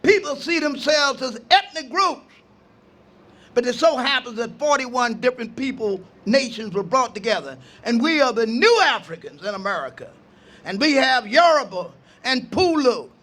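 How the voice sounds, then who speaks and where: An older man, an imam, giving an impassioned outdoor speech at a park gathering, preaching with refrains and rising to shouts. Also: extremely high pitch, expressive, normal speed. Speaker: imam speaking at a ceremony.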